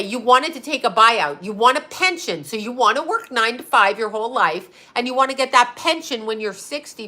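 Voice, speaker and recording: A woman's voice: on the high side, pushed and bright. Blunt, profane woman ranting with a lisp. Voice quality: slight lisp. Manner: blunt, profane, repeats herself for emphasis. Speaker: host. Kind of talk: ranting livestream monologue.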